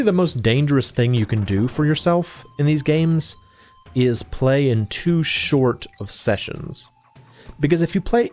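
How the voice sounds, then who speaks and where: A man's voice: mid-range voice, darkish tone. A man casually commenting on a video game as he plays, rambling, joking and self-deprecating. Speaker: let's play host. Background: faint game music.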